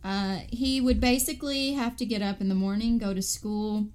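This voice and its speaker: Woman co-host, matter-of-fact storytelling, casual podcast chat, mid pitch. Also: fairly even intonation, moderate pace, a little mellow, clear, resonant tone.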